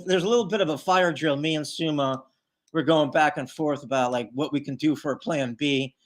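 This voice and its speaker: A man's voice: on the high side, brisk, noisy background. Rambling man acting out quotes. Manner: rambling, full of fillers, acts out quoted lines. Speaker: tribute band leader, guest. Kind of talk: casual storytelling in a live interview.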